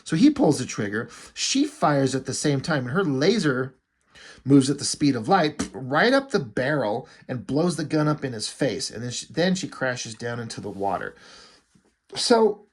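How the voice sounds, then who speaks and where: A man's voice: mid-range voice, sing-song, moderate pace, husky. Irreverent man giving casual comic commentary. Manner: irreverent, swearing, wry asides. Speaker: comic book reviewer.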